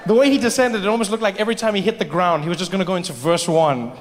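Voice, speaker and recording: A middle-aged man with a South African accent doing a stand-up routine, telling stories with quick asides and impressions. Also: high voice. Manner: storytelling with quick asides and mimicry. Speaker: stand-up comedian. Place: theater stage. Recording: reverberant live theater recording, faint noise.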